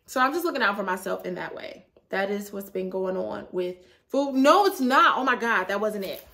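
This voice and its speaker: A woman, chatting casually in a vlog with a sore throat, animated and laughing often. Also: mid-range voice, normal speed, a little hiss or hum. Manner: animated, laughs often, acts out her own reactions. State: sore throat after a cold. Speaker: vlogger.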